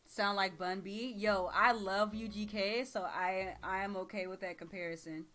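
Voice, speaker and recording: Tired Texan woman in her thirties, laid-back slangy streamer chatter with a bright edge and soft music underneath. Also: medium pitch, steady tone, moderate pace. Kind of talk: casual live-stream chat.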